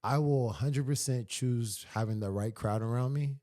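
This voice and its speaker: A man's voice: medium pitch, moderate pace, warm tone. A man as a podcast guest, talking sincerely and repeating phrases for emphasis. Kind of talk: casual podcast conversation.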